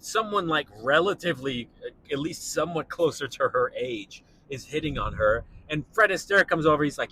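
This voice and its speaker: A man's voice: on the high side, moderate pace, a little hiss or hum. A young man, a stand-up comedian, talking casually and incredulously to himself while driving in his car. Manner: animated, incredulous, mimics voices.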